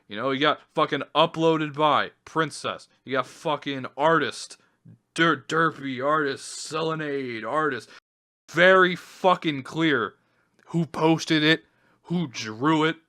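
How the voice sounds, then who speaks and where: Male vlogger, sharp bright tone, swears constantly, fed-up rant over a screen recording. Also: a little high, slow pace. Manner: heavily profane, exasperated. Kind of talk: angry ranting commentary.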